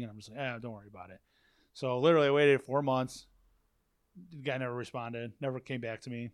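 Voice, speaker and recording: A man's voice: medium pitch, flat delivery, fast talker, no room sound, clean studio sound. A man in casual podcast chat, telling rambling stories with lots of swearing and repeated "I'm like" lead-ins. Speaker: podcast guest, warehouse manager. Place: office at a work facility.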